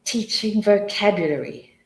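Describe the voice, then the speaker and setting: A woman's voice: mid-range voice, animated, measured pace. A woman presenting a teaching webinar, answering questions in a chatty, enthusiastic way with rambling explanations and restarts. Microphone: video call. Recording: echoey room.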